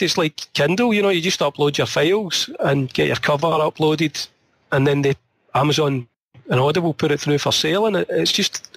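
A man's voice: on the high side, a bit bright, breathy edge, dry recording. A man with a Glasgow accent, an author chatting in an interview, rambling and telling stories, his voice tiring and slightly strained. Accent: Scottish, Glasgow. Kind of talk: casual conversation.

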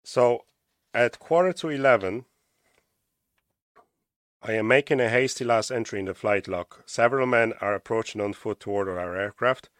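A man with an Irish accent hosts a casual podcast, reading passages aloud and breaking off for chatty remarks. His voice sits a little low. The close mic gives a dry, dead sound. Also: moderate pace, pauses often, a bit bright, no echo. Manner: reads aloud with stumbles and chatty asides. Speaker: podcast host.

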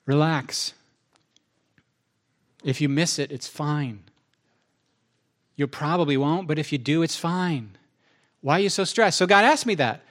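A man's voice: on the high side, measured pace, pauses often. A male pastor preaching a sermon, acting out both sides of his conversations with God.

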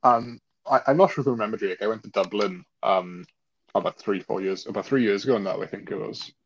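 A man's voice: fairly low pitch, fairly quick, husky, highs cut off. A Welsh man co-hosting a podcast, chatting casually with lots of fillers, restarts and casual swearing. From Wales. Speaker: podcast co-host. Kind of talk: casual chat.

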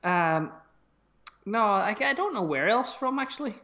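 Self-mocking sweary man, very lively pitch. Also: a little slow, dull audio. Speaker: podcast guest. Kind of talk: casual chat.

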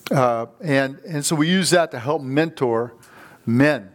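A man's voice: medium pitch, measured pace. Man, middle-aged, guest preacher, fired-up sermon, storytelling, calls for amens, church sanctuary.

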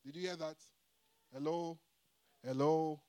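A man with a high voice preaches a sermon. He is emphatic and often calls out to the congregation to answer back. His loudness and pace swing from line to line. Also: fairly even intonation, a little slow, clear, resonant tone. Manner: call-and-response, repeatedly asking the congregation "Hello?".

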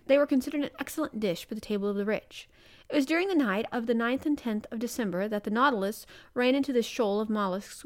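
A woman reads a classic adventure novel aloud at a measured, careful pace. Her voice sits a little high, and she stumbles over a word now and then. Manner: measured, careful reading with small slips. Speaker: reader.

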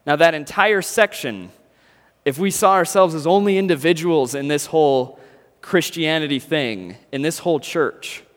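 A man gives a laid-back, storytelling sermon, his voice sitting a little high. Long reverb from a large hall hangs on each phrase. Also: normal speed. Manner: casual, storytelling, animated impressions. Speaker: preacher.

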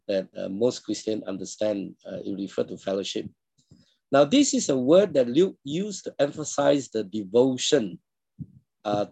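Pastor preaching a sermon. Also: male voice, mid-range voice, dry recording. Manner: steady teaching tone, frequent throat-clearing, rhetorical questions to listeners. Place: online church service.

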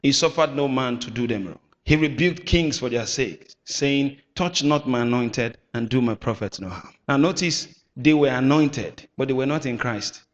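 A man preaching a sermon with emphatic bursts, shouting at times and calling on the congregation to answer back. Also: mid-range voice, moderate pace, few pauses, dull audio. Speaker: pastor. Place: church hall. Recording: echoey hall.

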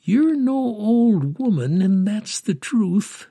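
A man's voice: high-pitched, expressive, slow pace, vocal fry, warm tone, slightly rough, pitched above the performer's own voice, exaggerated voice. A man voicing a timid, lonely young woman who stammers in amazement. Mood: amazed. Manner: hesitant, stammering.

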